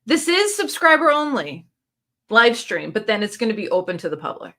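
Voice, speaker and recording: A woman's voice: fairly high pitch, very animated, moderate pace, sharp tone. A woman hosting a casual live stream, reading viewer comments aloud and answering them in an encouraging, coaching tone, recorded on a phone camera. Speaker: booktube channel host.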